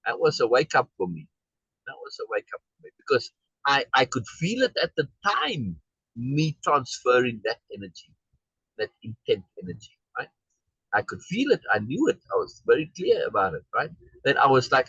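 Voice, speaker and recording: A man's voice: medium pitch, very animated, normal speed, fairly bright tone, breathy edge, dry recording, dull audio. A man telling a rambling personal story in a casual online meeting, with many asides and "right?" checks. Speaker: discussion group member. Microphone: video call.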